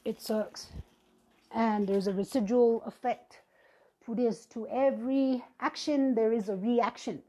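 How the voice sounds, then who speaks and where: A woman's voice: fairly high pitch, fairly even intonation, a little slow, warm tone. A woman hosting a podcast, ranting angrily and profanely in a confrontational personal monologue. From Native American. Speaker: podcast host.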